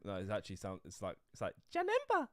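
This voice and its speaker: A woman's voice: very deep voice, level tone, very fast, dry recording, studio quality. A woman co-hosting a live stream, playful and jokey as she bounces off the host. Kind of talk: casual live-stream chat.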